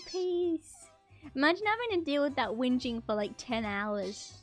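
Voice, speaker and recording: A woman streamer chatting casually while reacting to a video, playful, her voice jumping much higher when excited. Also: a little slow, soft background music.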